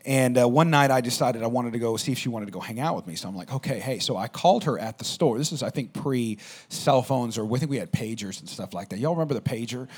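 A man preaching a sermon, telling a personal story in an animated way and speaking straight to the audience. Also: medium pitch, fast, husky.

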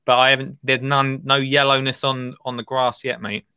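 A man's voice: medium pitch, monotone, moderate pace, sharp tone, clean tone. A man hosting a casual podcast chat, rambling and chummy, laughing easily. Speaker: podcast host.

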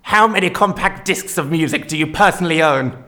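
A woman's voice: deep voice, brisk, pushed and bright. A woman playing a pompous, theatrical, reclusive inventor in a comedy sketch. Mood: grandiose.

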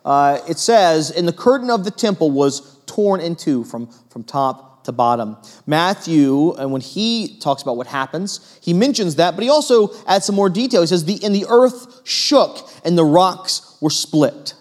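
Earnest, fairly high-voiced male preacher. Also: animated, a little slow, hardly any pauses. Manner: earnest, shifts from emphatic to hushed, with fillers. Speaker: pastor. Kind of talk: sermon.

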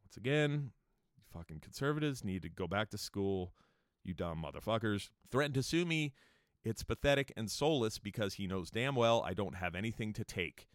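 Foul-mouthed male podcast host, heated mocking rant, animated delivery, dry booth. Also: fairly low pitch, moderate pace, no echo. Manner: angry, swearing, mocking whiny voices. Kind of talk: profane casual podcast rant.

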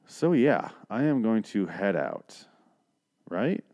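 A young man with a somewhat low voice recaps a TV episode in casual podcast style. He rambles from point to point, swears freely, and drops in sarcastic asides. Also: sing-song, slow pace, darkish tone. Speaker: podcast host.

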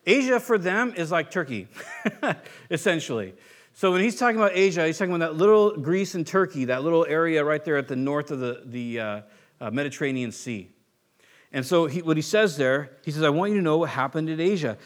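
A man's voice: on the high side, animated, brisk. A man preaching a conversational sermon as a pastor, acting out quoted voices as he goes.

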